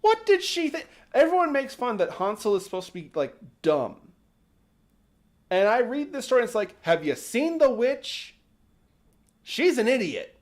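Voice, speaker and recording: A man's voice: extremely high pitch, sing-song, normal speed, long pauses. A man hosting a livestream, retelling a folk tale casually with sarcastic, mocking asides and casual swearing. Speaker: host.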